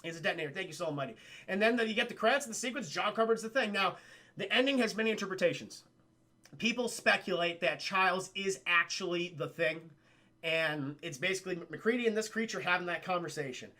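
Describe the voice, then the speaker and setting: A man recapping a film for his stream chat in a casual, excitable and profane way, often speaking to the chat directly. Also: high voice, fast talker. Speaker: livestream film reviewer.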